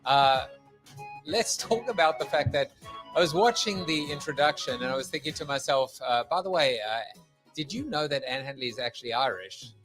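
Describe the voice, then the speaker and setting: A man's voice: medium pitch, moderate pace, music in the background. A middle-aged man hosting a podcast, opening the show with a playful, rambling monologue full of jokes and wordplay. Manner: jokey, theatrical, riffing with wordplay. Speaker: podcast host.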